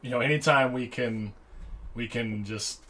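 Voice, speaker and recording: An easygoing man talks casually on a podcast at a middle pitch, often trailing off into fillers and repeated words. A faint hiss of noise sits under his voice. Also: measured pace, a bit bright. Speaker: podcast co-host. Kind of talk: casual chat.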